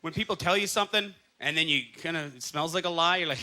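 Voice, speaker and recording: A fast-talking Canadian man with a fairly high voice works a comedy club stage, animated and chuckling as he lands punchlines. The live audience is loud, and their laughter carries through the recording of the set.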